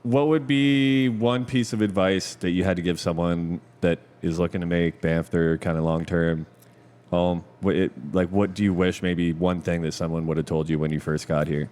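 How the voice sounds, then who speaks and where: A man co-hosting a podcast, chatting in a relaxed, casual way over drinks in a pub. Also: deep voice, normal speed. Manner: relaxed, says "man" and "like" a lot. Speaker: podcast co-host. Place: back bar of a pub.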